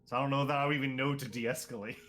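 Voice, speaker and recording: Brief: relaxed young male player, mid-pitched, faint music behind. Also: very fast. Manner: hesitant, casual, swears. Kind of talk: casual tabletop play.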